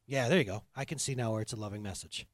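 A man's voice: on the low side, very fast, no room sound. Earnest, impassioned male pastor. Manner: earnest, conversational, rising to impassioned. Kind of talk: sermon.

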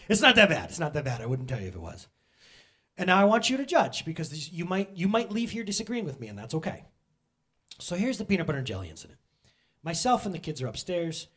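Man, middle-aged pastor, husky voice, lively swinging pitch, joking, casual sermon. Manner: joking, animated, talks straight to the congregation.

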